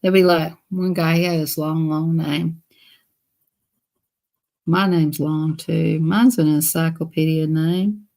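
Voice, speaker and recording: Gravelly woman chatting on a live stream. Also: deep voice, fairly even intonation, takes it slowly, pauses often, warm tone. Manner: rambling, chatty, repeats herself. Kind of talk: casual live-stream chat.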